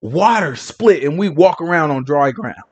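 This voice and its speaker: A man's voice: on the high side, lively intonation, moderate pace, a little mellow, breathy edge. A male preacher telling a Bible story in a casual, dramatic, conversational sermon.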